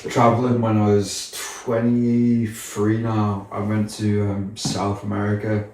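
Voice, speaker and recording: A young man from the Isle of Man, a podcast guest, telling stories in casual, sweary, animated chat. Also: lowish voice, unhurried. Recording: echoey room, distant mic.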